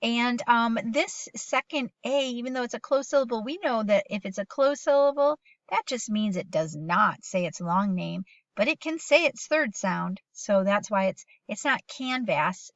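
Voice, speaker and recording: A middle-aged woman teaching a phonics lesson to young children at home, patient and encouraging, reading sentences slowly aloud with them. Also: mid-range voice, a bit bright, dry recording, highs cut off.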